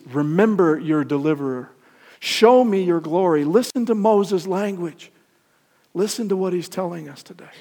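An older man preaching a sermon, emphatic, swinging from loud peaks to soft lines and asking the congregation questions. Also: a little high. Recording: long hall reverb.

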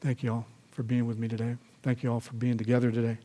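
Male pastor, sermon, earnest storytelling, mid-pitched, long hall reverb. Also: completely flat delivery, quick pace. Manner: storytelling, earnest, then gentle prayer.

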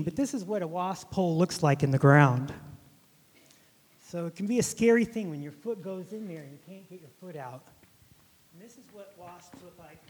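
A man teaching a Bible lesson by telling a story from his childhood, rambling and halting with many restarts. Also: high-pitched, a little mellow, slight background noise. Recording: long hall reverb.

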